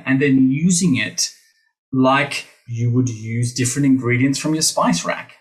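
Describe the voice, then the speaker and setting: A man's voice: medium pitch, a little slow, rough recording. A middle-aged Australian man, a voice teacher, talking animatedly in a podcast interview, with playful asides to the listeners. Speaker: guest, voice teacher.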